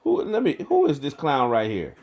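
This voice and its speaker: A man, a bishop hosting a livestream, talking slowly and emphatically, repeating firm denials and answering viewer comments. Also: mid-range voice, wildly swooping pitch, darkish tone, breathy edge. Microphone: livestream to phone or computer.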